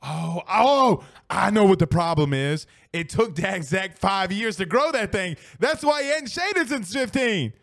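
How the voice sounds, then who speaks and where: A man's voice: high-pitched, lively intonation, a little slow, gravelly, few pauses, fairly bright tone, no room sound, clean studio sound. A young man hosting a casual sports podcast, exclaiming and swearing as he reads viewer comments. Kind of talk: casual live-stream chat.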